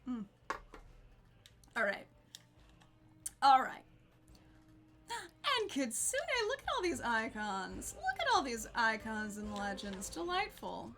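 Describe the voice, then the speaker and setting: A woman's voice: on the high side, huge pitch swings, takes it slowly, long pauses, a bit bright. A woman streaming a game, chatting casually with viewers, bubbly and laughing often. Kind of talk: casual gameplay chat with viewers.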